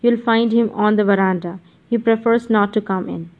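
A woman reading as a calm, considerate Englishman. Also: mid-range voice, normal speed, phone-quality sound, lightly acted.

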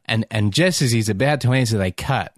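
A man's voice: fairly low pitch, brisk, no echo, clean studio sound. A man co-hosting a podcast, chatting casually and making playful, joking asides. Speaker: podcast co-host. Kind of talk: casual chat.

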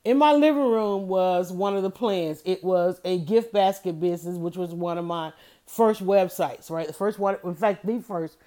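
A woman's voice: fairly low pitch, moderate pace, mellow. A middle-aged woman talking in a casual, rambling monologue, emphatic and full of restarts and self-corrections.

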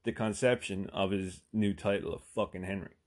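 A man's voice: low-pitched, moderate pace, a little mellow. A man telling a long casual anecdote, rambling and swearing with lots of fillers. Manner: rambling, profane, full of fillers. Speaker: storyteller.

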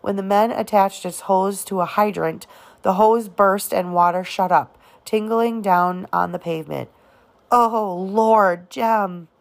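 Gravelly woman reading a novel aloud. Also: medium pitch. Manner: halting, with restarts on words. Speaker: audiobook reader. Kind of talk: amateur audiobook narration.

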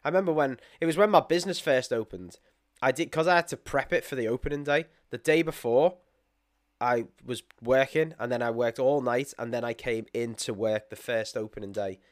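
A man's voice: medium pitch, a little fast. A young British man co-hosting a podcast, telling stories in casual chat, swearing freely, laughing often and acting out his own thoughts. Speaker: podcast co-host.

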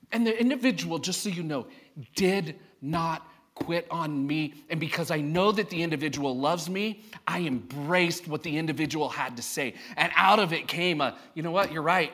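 A man preaching a sermon to his congregation, lively and acting out the voices he quotes. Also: on the high side, moderate pace. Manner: animated, acts out quoted voices. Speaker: pastor. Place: church service before a congregation.

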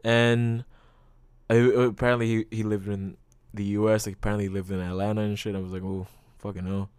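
A man's voice: fairly low pitch, flat delivery, fairly quick, darkish tone, clean tone, no room sound. A young man hosting a casual solo podcast, rambling loosely with lots of fillers and frequent swearing. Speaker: podcast host.

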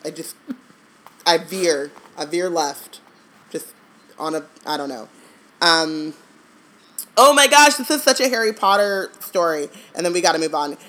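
A woman's voice: low-pitched, normal speed, fairly bright tone. A woman co-hosting a book discussion podcast, chatting casually, laughing often and trailing off mid-thought. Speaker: podcast co-host. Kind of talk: casual chat.

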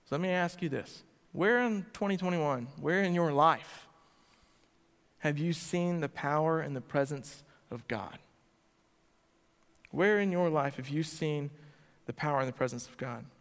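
A male pastor preaching to a church congregation, asking them direct questions and swinging between loud emphasis and quiet lines. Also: fairly high pitch. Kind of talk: sermon. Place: church sanctuary before a congregation. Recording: long hall reverb.

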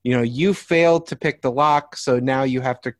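A man's voice: medium pitch, normal speed, no echo, clean studio sound. Man talking tabletop game mastering. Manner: reflective, explains with examples. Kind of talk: casual podcast discussion.

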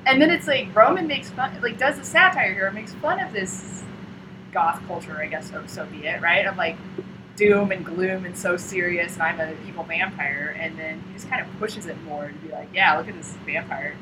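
A woman's voice: on the low side, normal speed. A young woman recounts a comic she loves in loose, chatty talk. She laughs often and slips into silly voices for the quotes. Some background noise hums under her voice. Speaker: podcast co-host. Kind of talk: casual chat retelling a comic.

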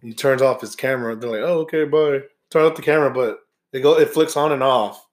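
A young man hosting a podcast in relaxed, joking casual chat, swearing freely. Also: mid-range voice, fast talker. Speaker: podcast co-host.

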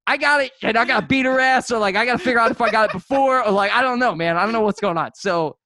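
A man's voice: very high voice, fast, sharp tone. A man co-hosting a casual podcast, telling a rambling story full of profanity. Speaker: podcast co-host.

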